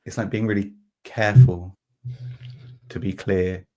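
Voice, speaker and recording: A man hosting a podcast, talking through an idea in a relaxed, meandering way, with lots of fillers and restarts and homely everyday examples. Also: deep voice, a little slow. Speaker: podcast host. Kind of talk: reflective conversational explanation.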